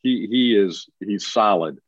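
A fairly low-voiced man chats easily about basketball, repeating a word here and there as he gets going. His voice comes through a dull, muffled remote line that sounds dry and close. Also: unhurried, no echo. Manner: relaxed, repeats words when starting a thought. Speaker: basketball broadcaster. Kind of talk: casual sports radio chat.

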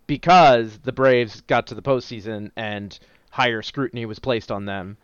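A man's voice: mid-range voice, normal speed, clean tone, no room sound. Male co-host, sardonic, resonant, dry and slightly muffled. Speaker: podcast co-host. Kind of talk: casual chat.

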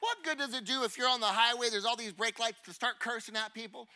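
A man preaching a sermon. He talks in a conversational, animated way, firing rhetorical questions at the congregation and acting out little scenes. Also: very high-pitched, a little fast. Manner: acts out little scenes and honking noises.

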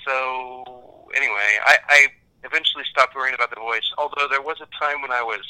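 Bright-voiced American man, rambling. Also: mid-range voice, brisk, smooth, poor audio. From Kansas, United States. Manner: rambling, animated, self-deprecating. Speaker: actor guest. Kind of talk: casual interview chat.

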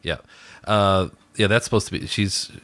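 A man's voice: on the low side, steady tone, moderate pace, a bit bright, no room sound. A man co-hosting a casual movie review chat, rambling with many restarts and fillers. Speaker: podcast co-host reviewing a movie.

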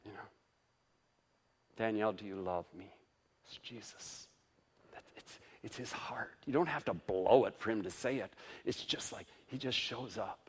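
A male pastor preaching a sermon in an informal, conversational way, with lively ups for emphasis, soft asides and frequent chuckles. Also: fairly low pitch, normal speed, husky.

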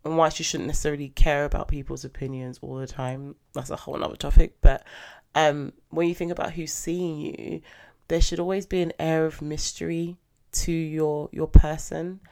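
A young woman talks casually on her podcast in a low, gravelly voice. She is chatty and animated, with sudden excited jumps in pitch. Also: normal speed. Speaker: podcast host.

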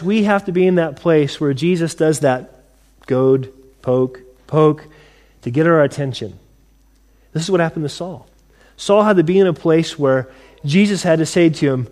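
A man preaching a sermon to his congregation, animated, acting out scripture voices and dropping to quiet asides. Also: on the high side. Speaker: pastor.

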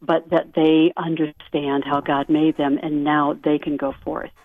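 A woman guest on a radio interview, a life coach, talking softly and earnestly and laughing lightly now and then. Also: deep voice, level tone, unhurried, no echo. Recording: dry tinny phone-line sound.

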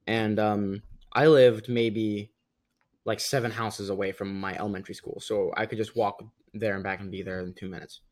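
A young man casually telling a long school story, animated and quick to laugh, mimicking the people in it with a raised voice. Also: lowish voice. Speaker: podcast guest. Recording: rough audio.

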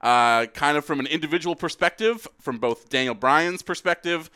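A man co-hosting a podcast in casual chat. He rants animatedly and rises to shouts when annoyed. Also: a little high, moderate pace, clean tone, no echo, clean studio sound. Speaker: podcast co-host.

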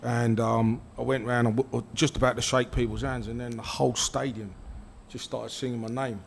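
A man's voice: medium pitch, little pitch movement, fairly quick, vocal fry, slight background noise. A man, a former footballer telling a story on stage with many restarts and easy laughter. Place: live event with an audience.

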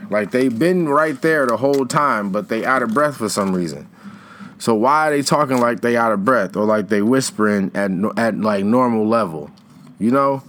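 A young man chatting loosely and freely, his slangy sentences trailing off and starting over. His voice sits at an ordinary middle pitch for a man. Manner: rambling, slangy, trails off and restarts. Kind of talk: casual chat.

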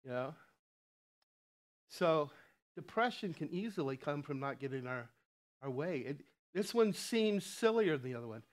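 A man's voice: fairly high pitch, lively intonation, moderate pace. A man preaching a sermon in a conversational way, with frequent chuckles and asides. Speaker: lay preacher.

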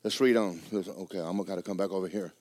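Preacher man, loud then hushed. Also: deep voice, steady tone, fast, dry recording. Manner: loud preaching that swings to quiet, joking asides. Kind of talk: sermon.

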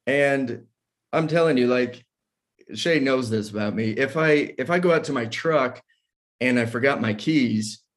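A man's voice: medium pitch, a little slow. A man in his forties hosting a casual faith discussion, talking candidly and self-deprecatingly about his own struggles. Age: 40s.

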